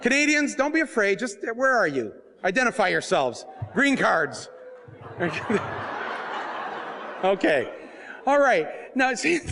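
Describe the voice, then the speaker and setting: Giving a talk at a book fair, this author and filmmaker has an extremely high-pitched voice. His comic stories come out animated and joking, with scenes and voices acted out and frequent bursts of laughter.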